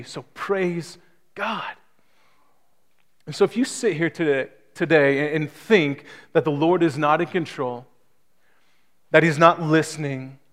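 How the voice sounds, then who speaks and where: Man, pastor, sermon, emphatic, surging and easing intensity, slightly high voice. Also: a bit bright. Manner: emphatic preaching with rising and falling intensity. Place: small church hall.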